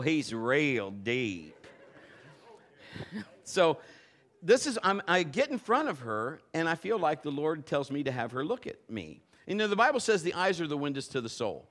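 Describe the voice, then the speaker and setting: Lively animated male pastor preaching. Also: on the high side, a little fast. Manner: animated storytelling, acting out voices. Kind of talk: sermon with personal story. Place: church service.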